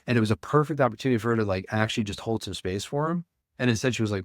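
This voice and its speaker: A man, a men's coach, speaking earnestly and deliberately as a guest in an interview. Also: lowish voice, dry recording, studio quality. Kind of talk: reflective interview talk.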